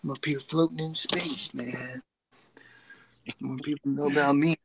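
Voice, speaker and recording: Man voicing a mellow, drawling space turtle dude, raised pitch, slightly gravelly. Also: steady tone, a little slow, very noisy. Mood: smug. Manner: drawling stoner-like delivery, says "man". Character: laid-back male space turtle floating in space.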